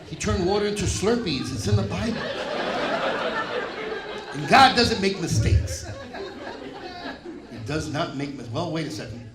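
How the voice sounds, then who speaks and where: A middle-aged man with a New York accent doing a stand-up comedy set, delivering brash, profane punchlines. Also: fairly high pitch. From Puerto Rican, raised in the Bronx, New York. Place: comedy club stage. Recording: echoey live room with crowd noise. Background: audience laughter.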